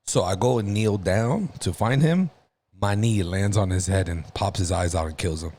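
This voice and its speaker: A man on a podcast telling a story in a casual, profane, animated way, laughing through it. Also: sits low, normal speed. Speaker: podcast co-host.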